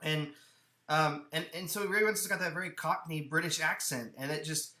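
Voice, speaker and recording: A man co-hosting a movie podcast in casual chat. He talks with animated energy and often restarts his sentences. His voice is bright and forceful, and it rings in an echoey room. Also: fairly high pitch, moderate pace. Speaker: podcast co-host. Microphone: headphones and studio mic.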